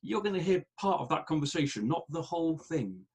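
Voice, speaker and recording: A man who writes books, co-hosting a casual podcast about writing. He stammers as he starts his points and grows animated when a point bothers him. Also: on the high side, a little fast, breathy edge. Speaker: author, podcast co-host.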